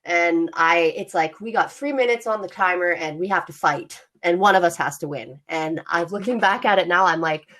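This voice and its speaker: A woman's voice: on the low side, moderate pace, hardly any pauses, fairly bright tone. A woman co-hosting a casual podcast, chatty and open, laughing often and using many fillers. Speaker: podcast co-host.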